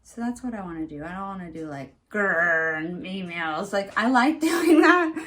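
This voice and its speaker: A woman's voice: lowish voice, normal speed. A woman talking straight to camera in a casual vlog rant. She speaks with emphasis and a lot of fillers, and acts out other people's lines as she goes. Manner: animated, emphatic, many fillers. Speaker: former retail employee vlogging.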